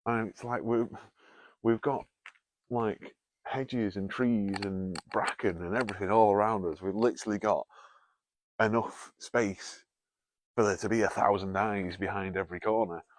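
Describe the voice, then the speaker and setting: A paranormal investigator hosts a night investigation in a canal tunnel, making jokes, swearing freely and calling out to a spirit in casual conversation. He has a fairly low voice with fairly even intonation and a measured pace, recorded with no room sound.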